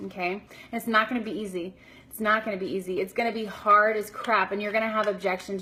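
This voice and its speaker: A woman's voice: fairly high pitch, sharp tone. A young woman coaching her team on a live video, blunt and profane, firing off "okay?" after each point and answering viewers by name. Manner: blunt, swears freely, asks "okay?" after nearly every point. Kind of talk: motivational live-stream pep talk.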